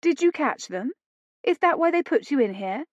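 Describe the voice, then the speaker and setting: A woman reading an audiobook, voicing a prim, sharp-tongued young lady with frosty indignation. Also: high voice, animated, normal speed, no echo, voice pushed up. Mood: indignant. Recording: dull dry lo-fi studio read.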